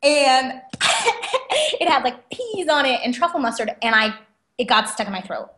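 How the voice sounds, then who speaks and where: A young adult woman with a slightly high voice, chatting animatedly as a guest on an interview show. She laughs often as she talks. The room gives her voice a clear echo. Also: lively intonation, normal speed, fairly bright tone, a little hiss or hum. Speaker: guest author. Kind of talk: casual interview storytelling. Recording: roomy echo.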